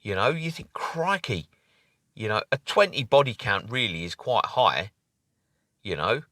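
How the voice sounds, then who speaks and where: A man's voice: on the low side, big pitch swings, normal speed, bright, forceful tone, dry recording, studio quality. A man talking casually to camera in a rambling opinion monologue with many fillers and restarts. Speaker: vlogger.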